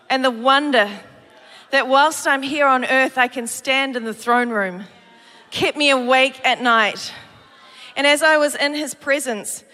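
A woman preaches to a congregation, her voice high and bright. She tells stories in an animated way and acts out the people she quotes. Her voice carries a long reverb from the hall. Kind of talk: sermon with personal story. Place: church hall.

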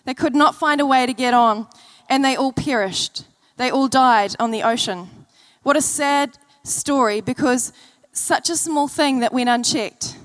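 High-voiced woman preaching a sermon. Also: unhurried, hardly any pauses. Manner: earnest, storytelling, repeats key phrases. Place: church service.

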